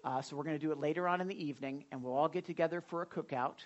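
Chatty pastor making church announcements. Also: male voice, a little high, very fast, muffled recording. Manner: chatty, rambling, self-deprecating, frequent fillers. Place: church sanctuary during a service.

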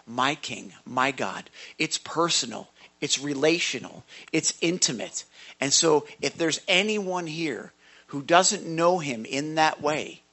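A man's voice: on the high side, creaky, bright, forceful tone. A male pastor giving a short sermon devotional to a congregation, emphatic and stumbling over repeated words.

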